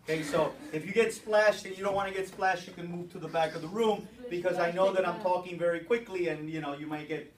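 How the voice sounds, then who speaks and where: A teacher giving a brisk classroom lecture, explaining step by step and checking in with the students. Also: medium pitch, fairly even intonation, a crowd in the background. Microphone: distant room mic. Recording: echoey classroom from far off.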